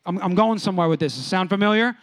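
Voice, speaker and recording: A man's voice: sits high, rapid-fire, dry recording. A man preaching a sermon as pastor, emphatic and repetitive, calling on his congregation to respond.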